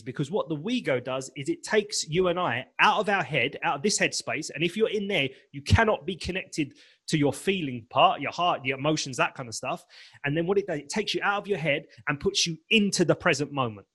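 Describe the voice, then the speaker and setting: Husky, energetic male coach. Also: on the high side, fairly quick. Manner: energetic and emphatic, acting out inner dialogue. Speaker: guest, confidence and presentation coach. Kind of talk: animated podcast interview.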